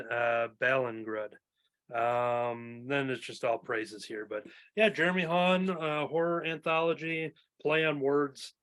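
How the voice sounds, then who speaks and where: A man hosting a casual podcast, talking at an ordinary middle pitch. He rambles through preview blurbs with plenty of ums and uhs, recorded at home. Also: steady tone, slow pace, fairly bright tone, clean tone. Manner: loose, filler-heavy, reading previews aloud. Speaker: podcast host. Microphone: home recording mic.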